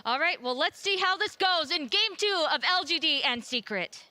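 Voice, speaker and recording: A woman hosting a live esports panel, upbeat and quick to laugh. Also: extremely high pitch, expressive, bright, forceful tone, slight background noise. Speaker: esports desk host.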